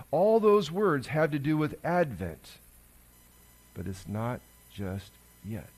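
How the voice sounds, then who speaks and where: A man, a pastor giving a conversational sermon that swings between loud emphasis and hushed asides. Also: a little high.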